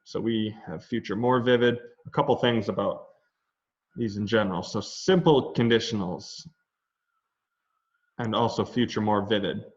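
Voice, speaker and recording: In a dull, lo-fi online class recording, a man with a lowish voice speaks at normal speed, leaving long pauses. He's teaching Latin grammar, explaining loosely and conversationally with asides.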